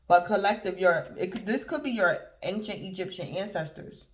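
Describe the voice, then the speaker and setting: A woman's voice: medium pitch, lively intonation, normal speed. Woman, tarot reader, casual, chatty, repetitive, talking straight to viewers. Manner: repetitive, conversational, keeps addressing the collective.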